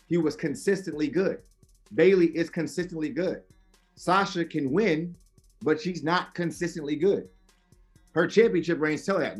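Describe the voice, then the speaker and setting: A man arguing his side in a heated wrestling debate on a podcast, emphatic and insistent, repeating his points. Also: high voice.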